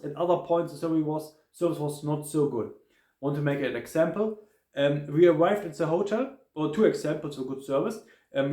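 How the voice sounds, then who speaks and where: A man with a German accent giving a casual spoken hotel review, halting, with many fillers and restarts. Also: on the high side, a little mellow, echoey room.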